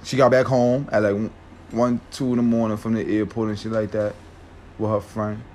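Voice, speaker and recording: A man's voice: lowish voice, little pitch movement, normal speed, a little mellow, slight background noise. A man telling a story in a casual, slangy, rambling way, often checking in with his listeners.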